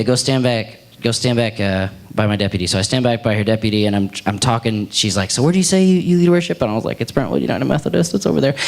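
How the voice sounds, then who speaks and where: Young man telling a story with laughter. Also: mid-range voice. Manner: animated, laughing, acts out the dialogue. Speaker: worship leader. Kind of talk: casual storytelling to a youth group.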